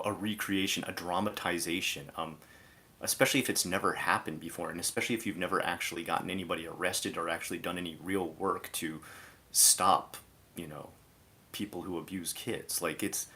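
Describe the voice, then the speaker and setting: A man's voice: low voice, sharp tone. A man streaming live, giving a casual, exasperated commentary rant that is full of "like" fillers.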